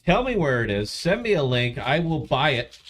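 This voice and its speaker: A man's voice: mid-range voice, sing-song, moderate pace, a bit bright, slight background noise. A man co-hosting a casual bourbon tasting stream, joking and teasing as he rambles through restarts. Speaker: podcast co-host.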